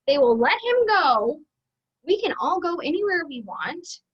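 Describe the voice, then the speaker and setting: A woman coach telling a personal story to viewers in a chatty, expressive way. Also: extremely high pitch, unhurried, dull audio. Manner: chatty and expressive, acts out quoted voices. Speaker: business coach.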